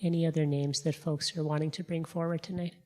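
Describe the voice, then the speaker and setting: A service leader reading out a list of names of the departed for remembrance. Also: mid-range voice. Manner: measured, even reading of a list.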